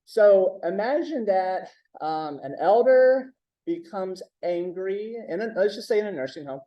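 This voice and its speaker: A man's voice: high voice, expressive, measured pace, highs cut off. A man giving a conversational training talk, checking in with the audience with frequent "right?". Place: symposium room.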